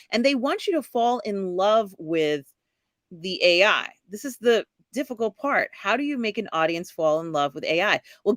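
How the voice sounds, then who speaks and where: Bright-voiced woman host, dry close mic, rambling and chatty. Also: medium pitch, dry recording. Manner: rambling, many fillers, laughs while talking. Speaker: podcast host. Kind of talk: casual live-stream chat.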